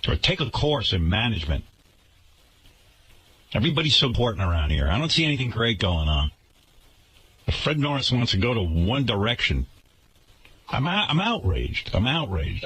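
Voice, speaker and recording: A male radio host on a long, sarcastic rant, his pitch leaping up and down as he vents. His voice is bright and forward, with a faint hiss of studio noise behind it. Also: sing-song, normal speed, long pauses. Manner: indignant, sarcastic, swinging pitch. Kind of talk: ranting talk radio monologue.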